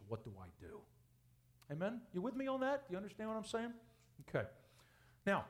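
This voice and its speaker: Male pastor, fairly high voice, preaching with big swings in pitch and volume. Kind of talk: sermon.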